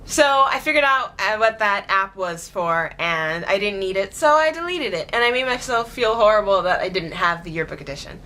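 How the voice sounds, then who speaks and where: A woman vlogging in casual chatty storytelling, giggly, excitable and gushing. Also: medium pitch, normal speed, few pauses.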